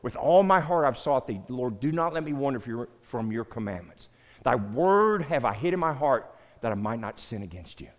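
A man's voice: mid-range voice, very animated, normal speed. A middle-aged man from the American South giving a conversational sermon to a small group, repeating words and calling on listeners by name. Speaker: pastor. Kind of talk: sermon-style teaching. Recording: long hall reverb.

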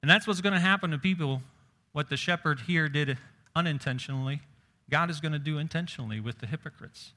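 A man's voice: on the high side, a little fast, bright, forceful tone. A man preaching a sermon in a conversational way, raising his voice when quoting scripture.

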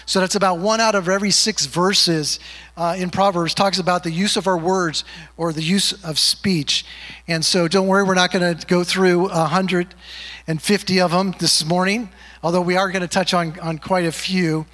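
Pastor, male, high voice, conversational sermon with light jokes and slow scripture reading, church hall reverb. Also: fairly even intonation, fairly bright tone. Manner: joking, conversational, slows to read scripture. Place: church sanctuary.

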